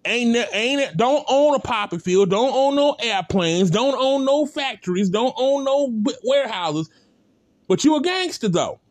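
Blunt high-voiced man ranting. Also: animated, moderate pace, no room sound. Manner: blunt, repetitive, rhetorical calls. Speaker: commentator. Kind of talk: impassioned spoken rant.

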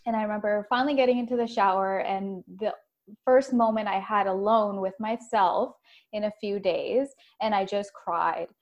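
A woman's voice: mid-range voice, fairly even intonation, normal speed, lo-fi sound. A woman hosting an interview, asking questions and sharing personal stories openly with casual fillers. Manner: open, personal storytelling with fillers. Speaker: podcast host. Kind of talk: conversational interview.

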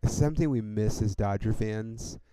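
A man's voice: fairly low pitch, normal speed, background noise. A young man hosting a podcast, telling a rambling story in a laid-back, profane way, peppered with "dude" and "like". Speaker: podcast host.

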